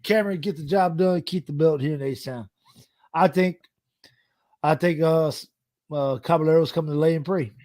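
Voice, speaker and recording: Middle-aged podcast co-host, high-set voice, dry close mic, loose and profane. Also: male voice, warm tone, dry recording. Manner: laughs often, swears, drawn-out. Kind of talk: casual chat.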